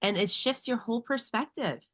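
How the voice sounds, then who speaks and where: A woman's voice: a little high, moderate pace, a bit bright. Casting: woman host, emphatic affirmations, casual swearing. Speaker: podcast host. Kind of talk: casual chat.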